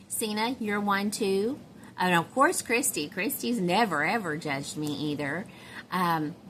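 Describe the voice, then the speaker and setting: A middle-aged woman with a soft Southern US accent chats casually to her camera at home, rambling and giggling between thoughts. Her voice sits a little low for a woman. A faint hiss runs under the recording. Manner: chatty, rambling, giggly, many fillers. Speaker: doll collector vlogger.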